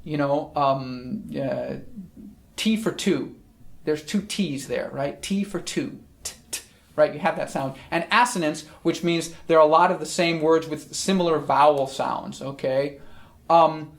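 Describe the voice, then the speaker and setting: In a recorded lesson on Shakespeare's language, a friendly teacher explains a text, often asking "okay?" to check in. The voice is medium-pitched, creaky, and a little slow.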